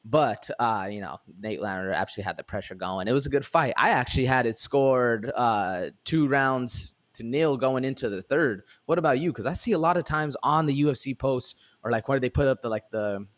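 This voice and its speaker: A young man with a mid-range voice, talking through a fight in a relaxed podcast chat. He rambles a bit, with plenty of "uh" and "man" along the way. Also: medium pitch, moderate pace, few pauses. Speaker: podcast co-host. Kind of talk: casual fight recap chat.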